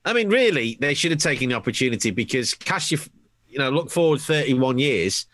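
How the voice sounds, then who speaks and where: Lively-voiced man in wry podcast chat. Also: medium pitch, brisk. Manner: wry, rambling, mock-exasperated. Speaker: podcast co-host. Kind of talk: casual chat.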